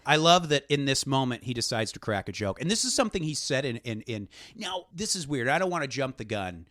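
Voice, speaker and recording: A man co-hosting a podcast, telling a story in a casual, animated way with lots of fillers and swearing. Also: medium pitch, a little fast, no echo, clean studio sound. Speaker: podcast co-host. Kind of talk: casual chat.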